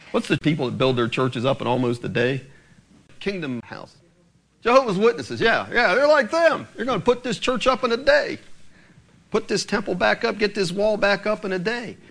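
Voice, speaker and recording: A man preaching a sermon to his congregation, emphatic and animated, speaking to them directly. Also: high-pitched, moderate pace, vocal fry. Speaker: pastor.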